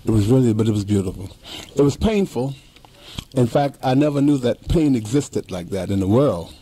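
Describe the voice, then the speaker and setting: A man's voice: medium pitch, lively intonation, normal speed, mellow, slightly rough, no room sound. A man in his fifties, talking in a casual interview with emphatic, heartfelt repetition. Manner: emphatic, repeats himself, heartfelt. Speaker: interview guest.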